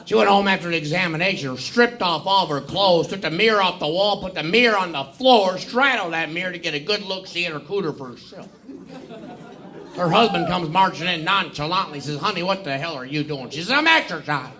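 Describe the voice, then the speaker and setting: Bright high-voiced man doing stand-up. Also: a little fast, a faint crowd. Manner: drawling storyteller, builds a chant of phonetic syllables. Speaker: stand-up comedian. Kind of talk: stand-up joke telling. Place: comedy club stage. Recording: live club recording with audience laughter. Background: audience laughing.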